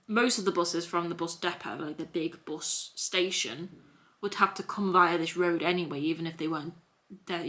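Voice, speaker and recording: Her voice is lowish and fairly bright as a young Scouse woman vlogs from home, wearing a hoodie. The story wanders, full of repetition and one restart after another.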